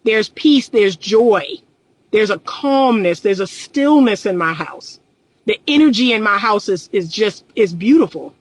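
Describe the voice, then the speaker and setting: A woman's voice: medium pitch, lively intonation, unhurried, dry recording, poor audio. A middle-aged woman and relationship coach, talking candidly and emphatically in a casual livestream, repeating her points and often laughing.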